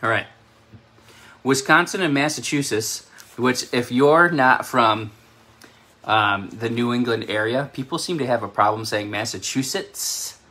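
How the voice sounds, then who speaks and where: Bright-voiced New York man, chatty and rambling. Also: mid-range voice, unhurried. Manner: chatty, rambling, laughs at himself. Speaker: self-described prophetic channel host. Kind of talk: casual spoken prophecy update.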